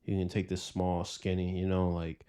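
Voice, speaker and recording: A man's voice: low-pitched, monotone, moderate pace, dark tone, clean tone. A young man in his twenties telling stories in a loose, profane way on a casual podcast. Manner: loose storytelling with heavy cursing. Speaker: podcast host. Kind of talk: casual chat.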